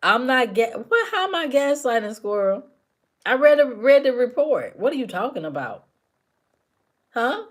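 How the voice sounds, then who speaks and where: A woman's voice: a little high, very animated, moderate pace. A woman hosting a casual live stream, talking back to her chat commenters by name with teasing, repetitive banter.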